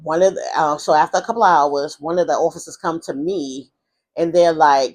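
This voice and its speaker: Rambling woman telling a storytime vlog. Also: moderate pace. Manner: animated retelling, acting out quoted voices in a high pitch; rambling with many fillers and restarts. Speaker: vlogger telling her life story. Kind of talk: casual storytime monologue.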